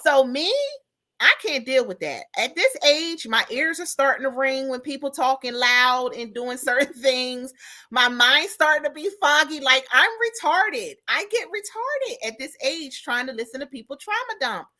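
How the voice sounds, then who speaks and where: Bright-voiced woman, animated podcast chat. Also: high voice, moderate pace. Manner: animated storytelling, acts out callers. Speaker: podcast co-host. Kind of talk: casual chat.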